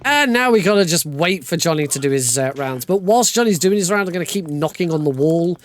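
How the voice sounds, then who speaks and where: A man's voice: on the high side, animated, fairly quick. A man giving casual, joking live commentary while playing through a video game speedrun. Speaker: speedrunner streamer. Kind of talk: live commentary over gameplay.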